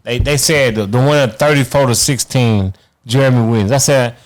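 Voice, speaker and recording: A man's voice: mid-range voice, moderate pace. A man, a guest telling a long story in casual, profane talk, acting out what others said. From Chicago, USA. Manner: animated, profane, acts out quotes in others' voices. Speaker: guest, former boxing champion.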